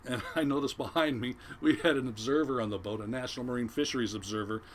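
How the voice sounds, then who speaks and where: Older retired fisherman, guest storyteller, lively yarn-spinner who acts out voices, even-pitched man's voice. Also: fast talker, slight background noise. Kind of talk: casual storytelling.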